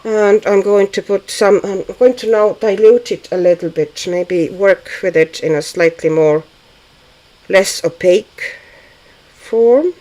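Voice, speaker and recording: A woman's voice: mid-range voice, measured pace, mellow, low-quality recording. A woman hosting a casual livestream, chatting to viewers and thinking aloud with hesitant fillers while she paints. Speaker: livestream host.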